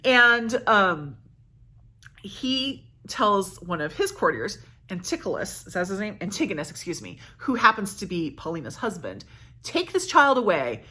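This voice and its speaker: A woman's voice: lowish voice, sing-song, normal speed, bright, forceful tone, husky. A woman vlogger casually summarizing a plot, chatty and correcting herself as she goes. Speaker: book vlogger.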